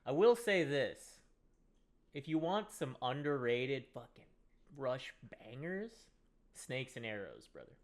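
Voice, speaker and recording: A man's voice: medium pitch, big pitch swings, unhurried. Man, young adult, podcast co-host, casual chat, sarcastic, swears. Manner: joking, sarcastic, swears freely.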